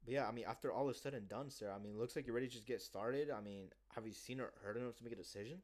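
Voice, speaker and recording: A man in a casual vlog monologue, rambling cockily and with profanity as he acts out a sales pitch. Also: racing, darkish tone. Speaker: sales job seeker.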